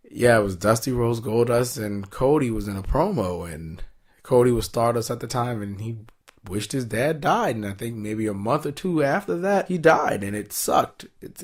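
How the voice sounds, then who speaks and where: A young man hosting a casual wrestling recap, chatty and amused, who breaks into quick high-pitched impressions of the wrestlers.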